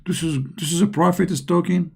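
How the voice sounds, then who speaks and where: A man's voice: high voice, steady tone, brisk, creaky, breathy edge. A middle-aged man and online commentator giving a sarcastic, scoffing monologue in loosely built, non-native English. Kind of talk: mocking religious-critique monologue.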